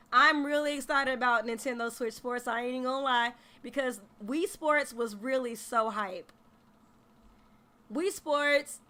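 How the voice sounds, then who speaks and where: Animated high-voiced woman streamer. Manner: animated, profane, emphatic, slangy. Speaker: gaming streamer. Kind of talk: casual livestream reaction.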